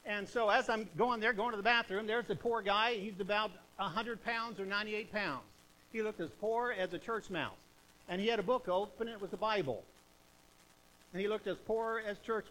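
A man preaching an evangelistic sermon in an old-fashioned revival style, with emphatic repetition and swings between loud exhortation and hushed intensity. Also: sits high, normal speed, a little hiss or hum.

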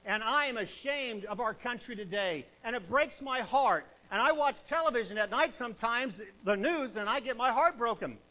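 High, bright-voiced fiery preacher man. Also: animated, normal speed, hardly any pauses, low-quality recording. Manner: fiery revivalist preaching, swinging from shouts to hushed tones. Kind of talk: sermon.

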